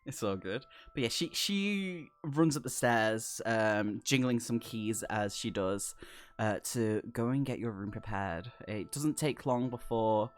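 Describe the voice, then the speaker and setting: A man acts as game master for a tabletop game, narrating in a relaxed, rambling way with many fillers. His voice is mid-range and a little slow.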